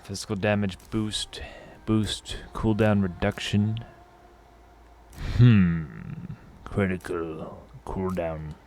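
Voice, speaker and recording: Male gaming streamer, low and casual, self-mocking banter over gameplay. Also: steady tone, takes it slowly, a little mellow, a little hiss or hum. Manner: joking and self-mocking, thinks aloud. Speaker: gaming streamer playing through a game. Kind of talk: casual let's-play commentary.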